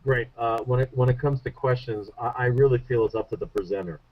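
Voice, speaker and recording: A man of middle pitch talks as a guest on a radio show, coaching listeners on public speaking. He tells stories in an animated, self-deprecating way, often laughing at himself. The sound is slightly muffled, like broadcast audio. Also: fairly quick. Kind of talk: conversational radio interview.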